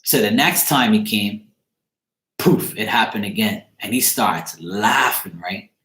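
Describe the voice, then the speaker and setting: A man with a fairly low voice rambles through a story in a loose, casual way, and his speech is peppered with swearing. He talks to the camera from his own apartment, and the sound bounces around an echoey room. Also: unhurried, bright, forceful tone. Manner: loose, profane, rambling retelling. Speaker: psychic card reader.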